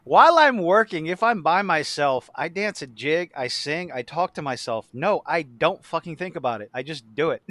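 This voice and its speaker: A man's voice: a little high, animated, normal speed, sharp tone, no room sound. A man hosting a casual podcast chat, talking loosely and profanely, with many restarts and tangents. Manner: profane, rambling with frequent restarts. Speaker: podcast host; work supervisor who takes many calls.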